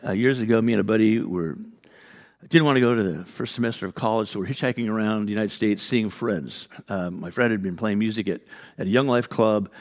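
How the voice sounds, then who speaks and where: Animated male pastor telling a story. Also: lowish voice. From California. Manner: animated storyteller, acts out quotes, many fillers and restarts. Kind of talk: sermon with storytelling.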